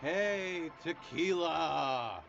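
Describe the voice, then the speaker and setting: Smug slow-talking tracksuit dude, swingy voice, kinda lo-fi. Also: male voice, fairly high pitch, lively intonation, creaky, a bit bright, faint music behind, full character voice. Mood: teasing. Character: smug tracksuit man in his thirties.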